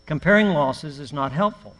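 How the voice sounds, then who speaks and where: Middle-aged man, preacher, high-ish voice, folksy anecdotal class talk with dry self-mockery, long church-hall reverb. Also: expressive, moderate pace, a bit bright. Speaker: preacher teaching a grief class.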